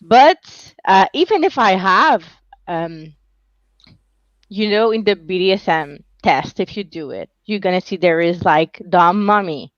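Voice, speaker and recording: A woman's voice: mid-range voice, animated, unhurried, no echo. Woman on a muffled call. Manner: frank, playful, nonnative grammar. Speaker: guest.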